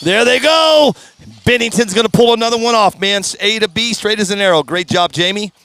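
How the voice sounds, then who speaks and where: A man calls drag races at a track in an upbeat, folksy way, now and then tripping over names. His voice sits a bit high and sounds strained, with a throat-clear here and there. The sound is dry and close. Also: fairly even intonation, fast talker, bright, forceful tone, no room sound. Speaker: race announcer. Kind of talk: live drag racing commentary. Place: at a racetrack.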